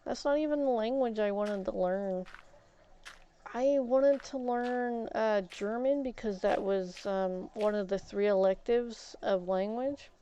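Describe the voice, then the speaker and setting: A young woman livestreaming, chatting casually and rambling through a school story with many fillers and restarts, getting animated as she goes. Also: mid-range voice, measured pace, slight background noise. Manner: grows animated and loud retelling arguments. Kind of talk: casual storytelling chat while gaming. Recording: slightly dull lo-fi stream audio.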